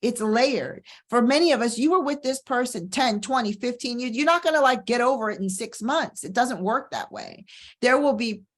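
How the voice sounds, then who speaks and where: A middle-aged woman who hosts a show as a divorce coach, talking in a candid, energetic casual way and repeating phrases for emphasis. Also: a little high, normal speed. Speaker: divorce coach and podcast host. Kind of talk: casual motivational talk.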